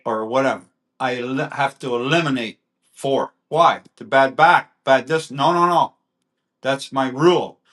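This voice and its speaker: Slow, rambling male storyteller. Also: mid-range voice, a bit bright. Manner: rambling storyteller, halting restarts. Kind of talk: casual chat.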